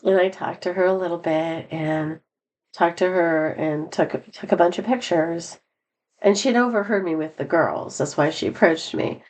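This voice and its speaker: A middle-aged woman with a fairly low voice tells a personal story in a loose, chatty vlog style. She rambles, restarts and laughs often, jumping up in pitch when she quotes herself or others. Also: normal speed, a little mellow. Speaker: vlogger. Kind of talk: casual storytelling.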